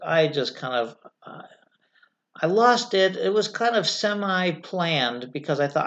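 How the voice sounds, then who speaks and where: Middle-aged Californian woman, ex-fire officer, interview guest; frank, blunt storyteller, a bit muffled on a lo-fi recording. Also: on the low side.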